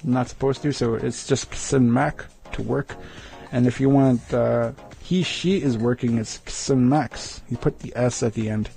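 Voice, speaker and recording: A man hosting a radio segment, slowly teaching words of the day and repeating each one with care. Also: mid-range voice, creaky, dark tone. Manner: slow, repeats words carefully, chuckles at himself. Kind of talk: casual language lesson on radio.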